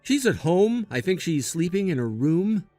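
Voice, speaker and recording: A man's voice: sits high, big pitch swings, normal speed, mellow, dry recording, soft background music. A man playing a lying, evasive husband with a glib manner. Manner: glib, then pleading.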